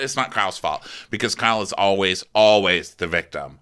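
A man co-hosting a casual recap chat, blunt and swearing freely, mocking people with put-on high voices. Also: normal speed, sharp tone, clear, resonant tone. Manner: mocking, acts out quotes in high falsetto voices. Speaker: podcast co-host.

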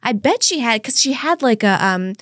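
A woman's voice: fairly high pitch, normal speed, no echo, clean studio sound. A woman telling a story in casual podcast chat, acting out the people in it. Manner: animated anecdote teller, acts out voices.

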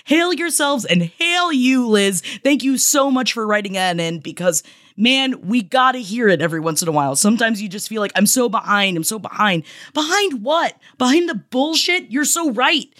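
A woman podcast host in her thirties, gushing and affectionate as she reads out listener shout-outs in a casual chat. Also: a little high, expressive, normal speed, dry recording, clean studio sound.

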